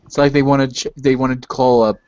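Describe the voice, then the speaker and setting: A man's voice: medium pitch, flat delivery, fast talker, darkish tone, dry recording. A man hosting a casual chat, asking curious questions and tripping over his words. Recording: dull dry lo-fi recording.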